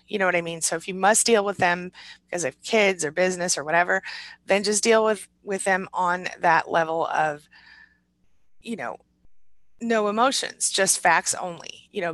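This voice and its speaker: A woman hosting a live support stream, chatting quickly and reading out viewer comments with many restarts and fillers. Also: lowish voice, no room sound, rough recording. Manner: quick, warm-hearted talk with restarts and fillers. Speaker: live-stream host and recovery coach.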